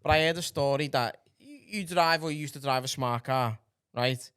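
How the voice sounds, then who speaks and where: A man's voice: medium pitch, normal speed, fairly bright tone, clean tone. A man who is a comedian and podcast co-host, joking, swearing and laughing while telling a gig story. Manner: swearing, jokey, laughs a lot. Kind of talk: casual podcast chat.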